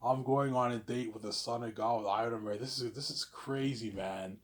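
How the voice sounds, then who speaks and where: A man voicing a young woman coworker who gushes and repeats his name, flattered and giddy. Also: mid-range voice, moderate pace, lightly acted.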